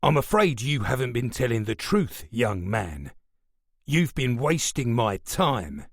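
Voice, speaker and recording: A man voicing a stern, menacing police superintendent who talks in a measured, remorseless way. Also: mid-range voice, expressive, no room sound, clean studio sound. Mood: cold.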